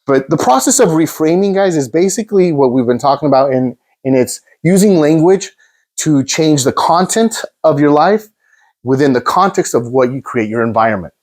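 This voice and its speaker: A man's voice: mid-range voice, expressive, moderate pace, a little mellow. Earnest man coaching in a self-help talk. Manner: earnest, repetitive restarts, addresses audience as guys. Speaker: host, coach.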